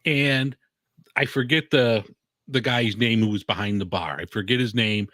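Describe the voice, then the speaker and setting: A man's voice: medium pitch, moderate pace, a bit bright, no echo. A man who writes about food and beer, chatting casually on a live stream in a rambling way, full of "like" and "you know".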